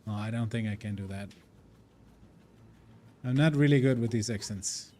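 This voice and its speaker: A man's voice: fairly low pitch, normal speed, dark tone. Man streaming a game. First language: German. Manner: chatty, rambling, thinking aloud. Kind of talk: casual live-stream chat while gaming. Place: living in India.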